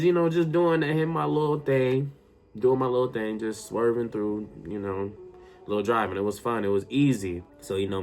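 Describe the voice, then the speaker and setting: A man telling a personal story to his viewers in a casual, excitable way, often addressing them directly. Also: on the low side. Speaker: storytime YouTuber.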